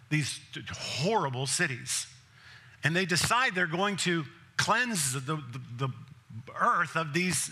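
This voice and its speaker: A male pastor in the middle of a sermon, his voice very bright and ringing. He tells the scripture story casually, acting out the exchanges and leaning into the big moments with energy. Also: on the high side. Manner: conversational storytelling, acting out the scenes; laughs often, grows emphatic and louder.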